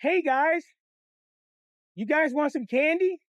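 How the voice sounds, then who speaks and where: A man's voice: extremely high pitch, takes it slowly, no echo, pitched above the performer's own voice. Man doing a sugary, coaxing stranger lady. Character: sweet-talking stranger woman luring children.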